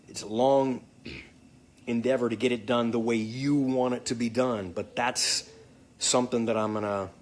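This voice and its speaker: A man's voice: mid-range voice, slight background noise. A man casually answering fan comments, joking and swearing freely. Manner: joking, profane, off the cuff. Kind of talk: casual live chat.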